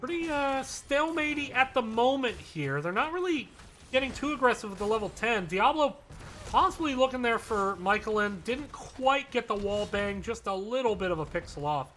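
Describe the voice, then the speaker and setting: Male esports caster calling a live match; high, bright and brisk, with chatty asides. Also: lively intonation, a little hiss or hum. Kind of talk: live play-by-play commentary.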